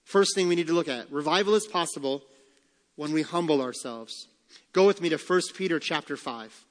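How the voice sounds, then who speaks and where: Man preaching in a reverberant church. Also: fairly high pitch. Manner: emphatic preaching, slowing and rising on key phrases. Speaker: pastor. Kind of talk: sermon. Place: church sanctuary. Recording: long church hall reverb.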